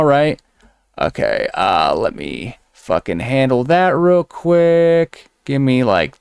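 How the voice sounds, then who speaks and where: A man with a smooth, clean voice recorded close and dry, delivering profane reaction commentary. He mocks and rants at the person on screen and swears constantly. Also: lowish voice, dry recording. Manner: mocking, ranting, heavy swearing. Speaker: host reacting to clips.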